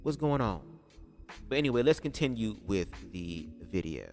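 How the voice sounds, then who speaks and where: A man's voice: on the low side, big pitch swings, moderate pace, in a large hall, over music. A man casually commenting on a livestream, talking loosely with plenty of swearing and calling out viewers in the chat. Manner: loose, profane, talks to the chat. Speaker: streamer reacting to a video.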